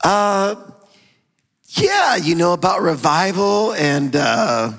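A middle-aged man preaching a sermon, telling a story and swinging from loud praise to quiet asides. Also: sits high, sing-song, takes it slowly. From half German, half Hispanic. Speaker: pastor. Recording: long hall reverb.

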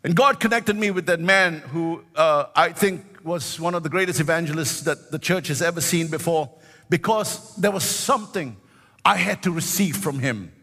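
A man in his sixties delivers a fervent sermon with a high, bright voice. He stretches key words into a sing-song lift and keeps punctuating with hallelujahs. The sound carries a long reverb, as in a large hall. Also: moderate pace. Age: 60s. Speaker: pastor.

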